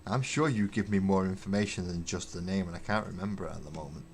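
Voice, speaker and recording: Man, deep voice, rambling livestream chat, webcam at home, faint room hiss. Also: quick pace. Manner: rambling, wry, thinks aloud with fillers. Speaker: livestreaming miniature painter. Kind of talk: casual livestream chat, answering viewer comments.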